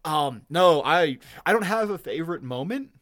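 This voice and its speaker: A man co-hosting a casual podcast, rambling excitedly with lots of swearing and laughs. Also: on the high side, normal speed, dry recording, clean studio sound. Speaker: podcast co-host.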